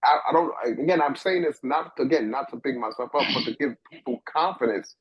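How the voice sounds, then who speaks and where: A husky middle-aged man from New York tells a personal story with lively, halting energy, circling back over his own words. The sound is dry and close, with a dull, lo-fi edge. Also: mid-range voice, no room sound. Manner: animated, restarts often, repeats words while thinking. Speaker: guest.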